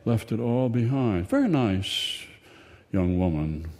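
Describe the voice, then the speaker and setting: Slow, wry older male storyteller. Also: lowish voice, sing-song, a little mellow. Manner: slow, rambling, self-correcting, wry. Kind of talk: spoken storytelling monologue. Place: outdoors in sunshine.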